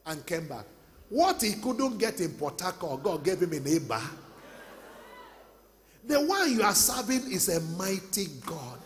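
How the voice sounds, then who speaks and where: A man with a Nigerian accent preaching a sermon as pastor, telling stories and breaking into shouts. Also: fairly high pitch, sing-song, normal speed, a little hiss or hum. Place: large church hall. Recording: long church hall reverb.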